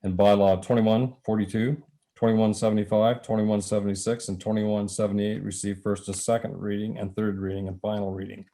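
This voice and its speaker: A Canadian man chairs a council meeting in a deep, flat, mellow voice. He speaks haltingly, full of fillers, and his voice is going. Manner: halting, many filler pauses. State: losing his voice.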